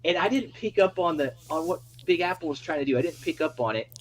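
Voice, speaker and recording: A man hosting a live stream, telling an excited, rambling story in casual chat. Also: a little high, fast talker, low-quality recording. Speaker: livestream host.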